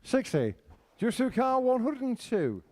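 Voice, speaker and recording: Darts caller guy, high voice swooping up and down on every score, bit of faint noise. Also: wildly swooping pitch, a little mellow. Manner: calls out scores in a drawn-out, sing-song way. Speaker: darts referee calling scores. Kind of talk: score calling.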